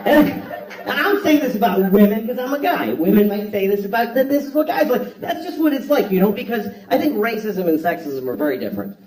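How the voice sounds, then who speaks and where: Male stand-up comic, blunt and profane, animated, high and lively, echoey hall, distant mic, audience laughter. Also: fairly quick, a faint crowd. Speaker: stand-up comedian. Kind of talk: stand-up comedy routine. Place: theater stage before a live audience.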